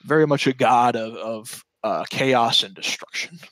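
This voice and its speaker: A man running a tabletop game as game master, with a bright, tense voice and casual, halting narration. The sound is dry and close to the mic. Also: medium pitch, no echo, rough recording. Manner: casual and hesitant, with fillers.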